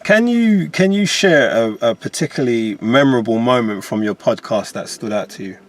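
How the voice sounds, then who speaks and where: A man hosting a podcast interview, asking measured questions and backing his guest with short affirmations. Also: medium pitch, lively intonation. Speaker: podcast host.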